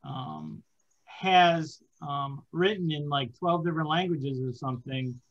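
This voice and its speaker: A man's voice: fairly high pitch, animated, unhurried, highs cut off. A man hosting a casual podcast chat, rambling with many fillers and hesitations. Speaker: podcast host.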